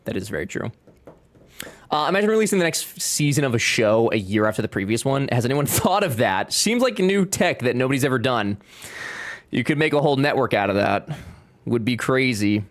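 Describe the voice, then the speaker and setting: A chatty young man streams a game, joking and talking back to his chat in casual conversation. His mid-range voice has lively intonation and a brisk pace.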